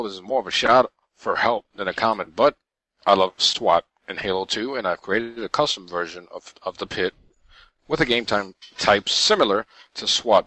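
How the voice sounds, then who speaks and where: A man's voice: fairly low pitch, a bit bright, no room sound, poor audio. A man co-hosting a gaming podcast, casually reading listener emails aloud. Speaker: podcast co-host. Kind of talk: casual chat.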